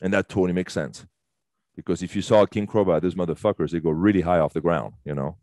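Low-voiced male fitness instructor, dry close sound, chatty, enthusiastic, casual swearing. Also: quick pace, a little mellow, no echo. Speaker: fitness instructor leading a workshop. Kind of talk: casual live workshop instruction. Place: fitness studio.

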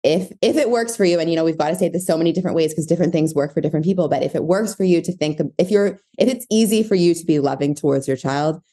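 Fast and with hardly any pauses, a woman with a deep, dark voice talks in a casual podcast interview. She's a parenting coach, reflective in tone, often groping for words and filling gaps with fillers.

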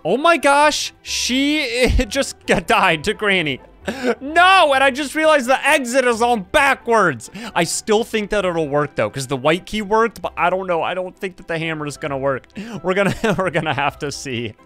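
A man giving excitable let's-play commentary as a gaming channel host, laughing often and trash-talking other players. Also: high voice, normal speed, faint music behind.

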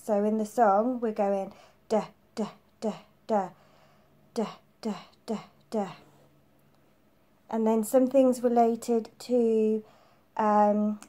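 A woman's voice: fairly high pitch, warm tone. A woman preschool teacher giving a phonics lesson to young children, patiently repeating each letter sound.

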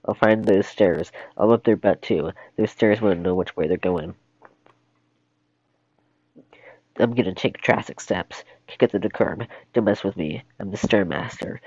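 A man voicing a chatty, nervous talking male donkey in a solo script reading, rambling on with little pause. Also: fairly low pitch, darkish tone, no echo, close to an everyday voice. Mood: boastful. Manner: rambling, jittery, motor-mouthed. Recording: dull lo-fi stream audio.

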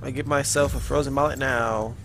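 A young man giving casual, profane, excitable commentary while playing a video game. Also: mid-range voice, brisk. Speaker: gamer. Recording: game music behind voice.

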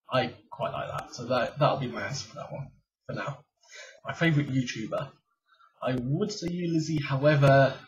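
A man of twenty-eight from England, chatting casually at home into a webcam, rambling and self-deprecating with lots of ums. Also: mid-range voice. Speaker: vlogger. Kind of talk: casual tag vlog chat. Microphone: webcam mic. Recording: dull lo-fi webcam sound, a bit far from the mic.

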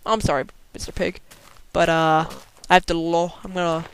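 A man's voice: a little high, flat delivery, normal speed, fairly bright tone, a little hiss or hum. A man giving casual gameplay commentary as a let's play host, rambling and joking as he chats to the animals in his game, often restarting his sentences. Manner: frequent restarts and stumbles.

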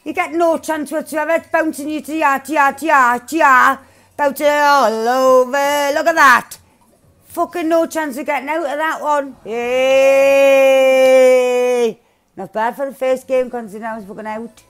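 High-pitched woman shouting over gameplay. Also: normal speed, soft background music. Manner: loud and excitable, swearing a lot, shouting and laughing. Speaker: gaming channel host. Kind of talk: gameplay commentary.

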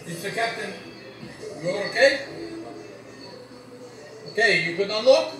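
A man's voice: sits high, expressive, slow, music in the background, voice pushed down. A man putting on a fake Croatian accent to play a formal ship captain with broken phrasing. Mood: mock-polite. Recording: echoey room from a distance, noisy.

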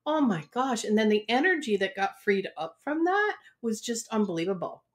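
A woman's voice: mid-range voice, very animated, normal speed. Affirming woman interview host. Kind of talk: interview conversation.

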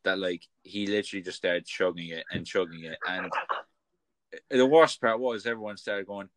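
A man's voice: sits low, no room sound. Laughing young male podcast host. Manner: laughs often, tells quick funny anecdotes. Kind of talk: casual chat.

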